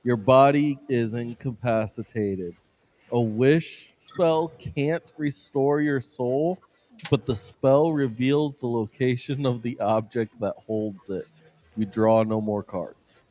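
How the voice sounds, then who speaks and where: A man, a player in a tabletop game, reading card rules aloud in a measured way. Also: mid-range voice, warm tone.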